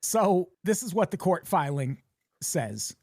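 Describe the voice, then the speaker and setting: A man's voice: high-pitched, sing-song, slow, a little mellow, no room sound, clean studio sound. Sardonic, profane American podcast host man. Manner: sardonic, profane, laughs often. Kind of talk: casual comedic news chat.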